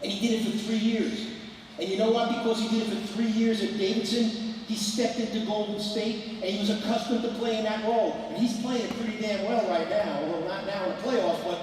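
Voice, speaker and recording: An older man coaches a clinic crowd with a strikingly high voice, animated and emphatic, rising into shouts. His voice rings through a large, echoing gym hall. A faint ambience hums behind him. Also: brisk, a little hiss or hum. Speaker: basketball coach. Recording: echoey hall, distant mic, faint ambience.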